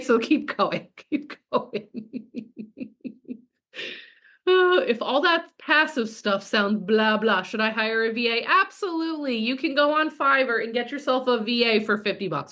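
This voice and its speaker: A business coach in her thirties runs a coaching call, speaking casually and frankly, swearing often, and reading out and responding to chat comments. Her voice is a little high with a fairly bright tone.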